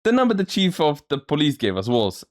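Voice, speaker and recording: A man's voice: on the high side, wildly swooping pitch, a little fast, no room sound, clean studio sound. A man reading a courtroom game aloud and doing every character's voice himself, sometimes stumbling over words. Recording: faint music behind.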